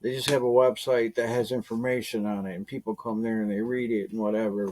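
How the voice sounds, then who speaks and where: A man's voice: lowish voice, little pitch movement, fairly quick, few pauses, darkish tone. A man leading an online team meeting in casual chat, rambling with lots of fillers and chuckling often.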